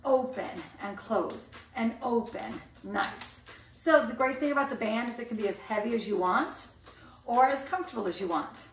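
A woman's voice: a little high, moderate pace, recorded from a distance. A woman fitness instructor leading a band workout, counting down reps with upbeat cues and chatty asides. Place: indoor room, filmed alone. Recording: echoey room, off-mic, faint music.

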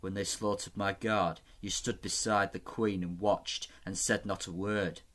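A man's voice: low-pitched, flat delivery, measured pace, a bit bright. A man reading aloud as a weary, imprisoned noble lord, tired and strained.

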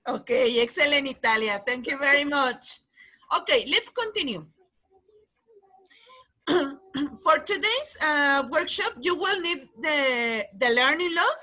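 Woman, English teacher, high voice, patient, video call. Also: animated, bright, forceful tone. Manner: patient, explains slowly, repeats key words. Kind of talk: online class lesson.

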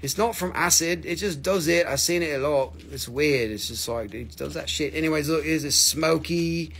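A man's voice: fairly high pitch, moderate pace, creaky, fairly bright tone, slight background noise. A man hosting a live crystal sale, chatting casually, teasing viewers and swearing freely. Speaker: livestream crystal seller. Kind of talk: casual live sales chat.

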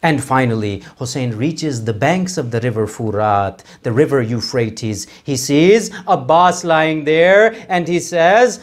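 A man reciting a mourning elegy in a sermon, with mournful, dramatic storytelling and drawn-out invocations. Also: medium pitch.

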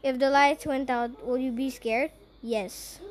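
Woman gamer, high and unhurried, playful, reads on-screen questions aloud and now and then puts on a scary voice. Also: fairly even intonation. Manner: jokingly spooked, sometimes puts on a scary voice. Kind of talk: casual gameplay commentary.

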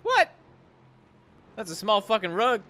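A young man streaming a racing game, excitable and swearing, muttering to himself as he drives. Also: high-pitched, a little slow. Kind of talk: live gaming stream chat.

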